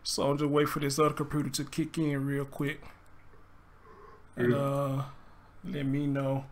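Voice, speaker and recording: A man's voice: mid-range voice, monotone, moderate pace, slight background noise. A man with a Southern US accent hosting a casual livestream commentary show, chatty and loose, greeting viewers by name. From Southern United States. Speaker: livestream host.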